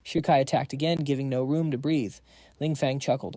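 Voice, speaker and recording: A man's voice: medium pitch, steady tone, a little fast, warm tone, dry recording, clean studio sound. A man narrating a fantasy comic recap in a dramatic, scripted storytelling style.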